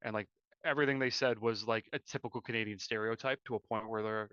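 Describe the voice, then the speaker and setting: A man's voice: lowish voice, steady tone, fast, clear, resonant tone, dry recording, lo-fi sound. A man co-hosting a live hockey stream, chatting casually with a rambling, filler-heavy manner. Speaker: podcast co-host.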